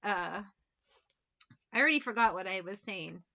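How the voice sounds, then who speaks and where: A woman's voice: mid-range voice, lively intonation, moderate pace, vocal fry, pushed and bright, highs cut off. A woman giving a casual tarot reading, talking bluntly with plenty of swearing and sarcastic asides. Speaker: tarot reader.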